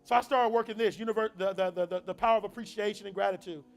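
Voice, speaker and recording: High-voiced, gravelly motivational speaker man. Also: steady tone, racing. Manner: call-and-response preaching rhythm. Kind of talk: motivational talk. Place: university event hall.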